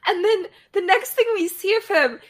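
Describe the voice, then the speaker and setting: A woman's voice: very high voice, normal speed. A woman co-hosting a casual podcast, chatting about a TV episode with wry, amused asides. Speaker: podcast co-host. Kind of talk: casual chat recapping a TV episode.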